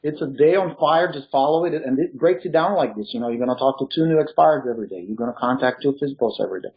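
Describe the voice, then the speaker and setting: A real estate coach with a mid-range voice and a slight Eastern European accent, not a native English speaker, talks rapid-fire in a casual interview. He is emphatic and motivational and laughs easily, and the recording has its highs cut off.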